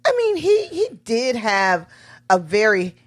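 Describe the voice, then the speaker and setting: A woman's voice: on the high side, sing-song, measured pace. A woman co-hosting a movie review podcast who chats casually and laughs often. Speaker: podcast co-host.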